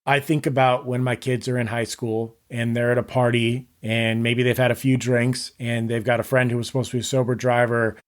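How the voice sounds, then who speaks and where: A man's voice: medium pitch, little pitch movement, a little fast, hardly any pauses. A man in his thirties, a podcast guest, talking earnestly and rambling in casual conversation, often saying "like". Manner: earnest, rambling, heavy use of "like".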